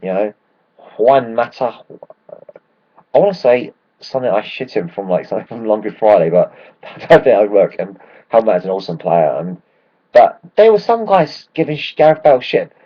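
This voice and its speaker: A man with a croaky voice, a football fan vlogger talking casually to camera, excitable and swearing freely with lots of restarts. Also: on the low side, normal speed, muffled recording.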